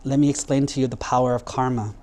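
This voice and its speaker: A man voicing a calm, wise monk brother in a story for children, speaking firmly and plainly. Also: medium pitch, fast, lightly acted. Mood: explaining. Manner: calm, firm, explaining. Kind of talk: storytelling sermon for kids.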